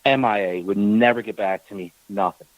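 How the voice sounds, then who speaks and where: A man's voice: lowish voice, a little fast, dry recording, phone-quality sound. A man, a team owner, telling a long story on a talk radio show, acting out the exchanges and repeating words when worked up. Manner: animated storyteller, acts out quoted exchanges.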